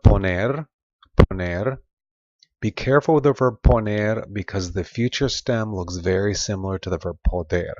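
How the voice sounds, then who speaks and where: Man, deep low voice, patient Spanish teacher, repeats examples slowly, dry dull lo-fi recording. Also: a little mellow, no echo. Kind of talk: recorded grammar lesson.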